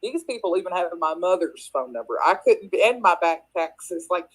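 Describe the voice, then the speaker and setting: A woman's voice: fairly low pitch, sing-song, moderate pace, rough recording. A woman from Kentucky with an Appalachian accent, chatting casually as a guest on a live audio space, laughing often and restarting her sentences. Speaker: crypto project guest.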